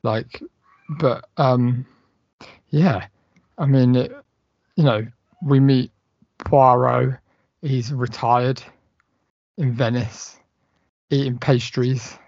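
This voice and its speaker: A man's voice: medium pitch, steady tone, drawn-out words, pauses often, a little mellow, no echo, lo-fi sound. A man co-hosting a casual film podcast, rambling and full of fillers. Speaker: podcast co-host.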